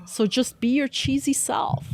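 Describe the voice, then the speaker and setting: A woman's voice: high-pitched, steady tone, a little slow, a little mellow. A woman co-hosting a podcast in casual chat, blunt and teasing, swearing freely. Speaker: podcast co-host.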